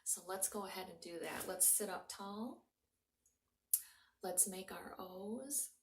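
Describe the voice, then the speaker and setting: A woman leads small children through slow breathing exercises, soft and encouraging, now and then dropping to a whisper. She speaks slowly and calmly. She is heard from a little way off in a roomy, echoing room. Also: mid-range voice, creaky, a little hiss or hum. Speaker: children's librarian leading a mindfulness story time. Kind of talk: gentle guided breathing lesson for young children. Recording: roomy home recording from a distance.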